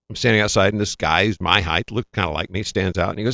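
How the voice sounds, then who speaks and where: Gravelly animated male storyteller. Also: fairly low pitch, racing, hardly any pauses, no room sound, muffled recording. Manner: animated anecdotes, acts out quoted voices. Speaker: actor, guest. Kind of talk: casual interview storytelling.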